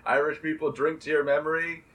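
A man with a bright, forward voice delivers crude roast jokes in loose banter. He laughs often between lines and slips into shouted mock voices. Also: a little high, level tone, a little fast, recorded from a distance. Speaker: comedy podcast co-host.

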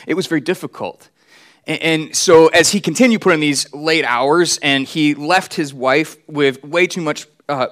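Middle-aged male pastor, slightly high voice, relaxed storytelling sermon delivery. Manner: conversational storytelling with acted quotes.

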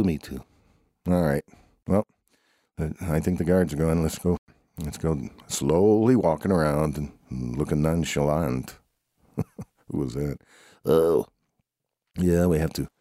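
A man's voice: a bass voice, a little slow, pauses often, dark tone, no echo, studio quality. A man improvising a playful, rambling comic story with banter between characters. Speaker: home show storyteller.

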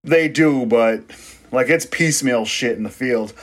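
A man's voice: mid-range voice, measured pace, fairly bright tone, slight background noise. Joking man chatting sports with a mouthful. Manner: joking, swearing, laughs often. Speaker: podcast co-host. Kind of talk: casual sports chat.

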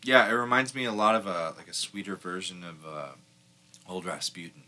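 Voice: deep voice, animated, normal speed, sharp tone. A podcast host joking and bantering during a casual beer-tasting chat.

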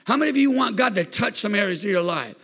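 A male pastor preaching a sermon in a church, building fervently into shouts and calling on the congregation to answer back. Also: sits high, expressive, fast, gravelly. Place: church sanctuary. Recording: long hall reverb in a church.

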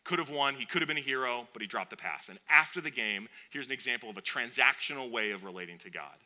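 A man preaching a sermon in a conversational, animated way, with playful asides. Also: mid-range voice, fast. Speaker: pastor.

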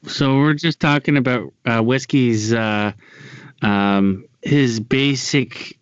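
Laid-back podcast host, dry dull sound. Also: male voice, medium pitch, slow, clean tone, no room sound. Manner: laid-back, hesitant, swears casually. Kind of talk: casual chat.

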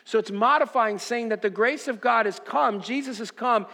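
A pastor preaching a sermon in a fairly high voice, recorded with a long reverb that rings through the hall. He poses rhetorical questions to his listeners and shifts between fervent exhortation and soft, reflective storytelling. The sound stays roomy and live throughout. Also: normal speed, gravelly. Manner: preaching with rising intensity, then quiet reflective storytelling.

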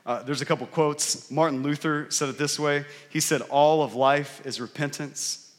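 A man's voice: fairly high pitch, fairly even intonation, moderate pace. Man preaching in a reverberant hall. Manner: conversational preaching, often asks the crowd "right?". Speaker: pastor. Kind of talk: sermon.

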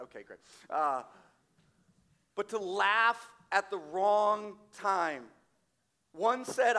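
A man preaching a sermon as pastor, emphatic, slowing down for quoted scripture. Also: high-pitched. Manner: emphatic, varies loudness widely, slows on quoted scripture. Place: church sanctuary.

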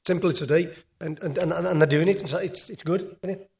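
A man's voice: fairly high pitch, steady tone, fairly quick, creaky, a little mellow. A man, a former footballer, telling a rambling after-dinner story on stage with lots of repeats. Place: live event on stage.

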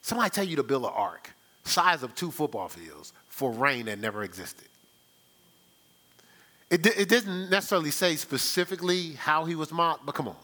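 Male pastor, bright tone, loose rhetorical sermon delivery with frequent call-outs. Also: fairly high pitch, expressive, moderate pace. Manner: conversational, rhetorical, checks in with "right?". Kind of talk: live church sermon.

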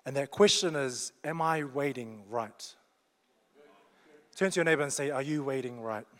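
A man's voice: medium pitch, moderate pace. A young man with a New Zealand accent preaching a sermon in a joking, conversational, down-to-earth way. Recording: long reverb of a large hall.

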